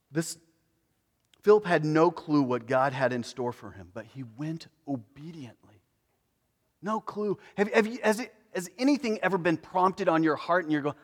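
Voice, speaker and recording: A man preaching a sermon in a conversational way, moving between emphatic lines and hushed ones. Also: mid-range voice, moderate pace. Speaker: pastor. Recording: long reverb of a large hall.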